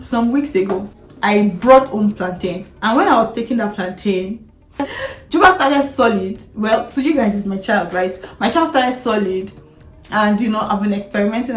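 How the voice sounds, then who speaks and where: Chatty Nigerian woman in an echoey room. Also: medium pitch. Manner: chatty, with frequent laughs and restarts. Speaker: vlogger. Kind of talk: candid personal chat to camera.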